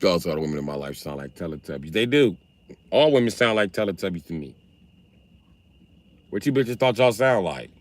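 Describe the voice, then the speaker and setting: A man hosting a livestream, talking in a casual, profane and animated way as he tells stories. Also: sits low, fairly quick, long pauses. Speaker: livestream host.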